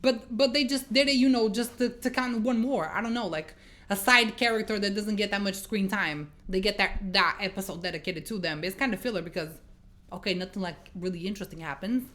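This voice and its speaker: A woman with a mid-range voice talks fairly quickly through a casual movie review. She retells scenes in an animated, exasperated way, swearing as she goes.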